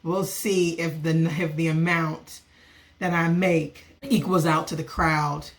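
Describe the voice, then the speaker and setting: A woman, vlogging as a small business owner and telling a story in a casual, animated way. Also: takes it slowly, slight background noise. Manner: animated, acts out other people's lines with lively pitch jumps. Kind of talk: casual storytelling rant to camera.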